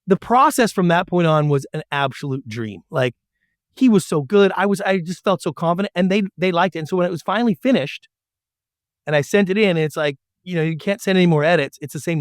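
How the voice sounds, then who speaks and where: A middle-aged man with a fairly high voice tells his story in an animated way. He jumps into little voices to act out emails and phone calls. The sound is close and dry. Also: no echo. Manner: animated storyteller who acts out quotes. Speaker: guest, former TV producer. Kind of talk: storytelling interview.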